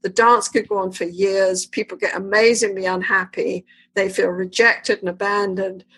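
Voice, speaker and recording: A woman's voice: medium pitch, little pitch movement, moderate pace, fairly bright tone, breathy edge, low-quality recording. A woman therapist in a conversational interview, explaining relationships with emphatic, vivid storytelling. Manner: retells therapy sessions with vivid acted-out dialogue. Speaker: therapist guest.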